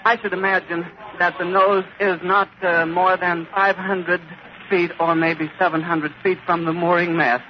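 A man's voice: high-pitched, flat delivery, unhurried. A radio reporter on an airfield, distraught, stammering and out of breath as he keeps describing the scene live. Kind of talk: live eyewitness commentary. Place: airfield outdoors. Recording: scratchy, muffled 1930s archival recording.

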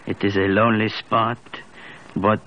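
A wise old French village doctor in a vintage radio play, low-voiced, warm in his teasing and quick to chuckle. His French accent colors every line, and the broadcast sound is muffled with a faint hiss. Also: little pitch movement. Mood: gently teasing. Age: older. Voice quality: gently teasing, chuckling often. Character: kindly, perceptive old male French country doctor. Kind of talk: 1940s radio acting.

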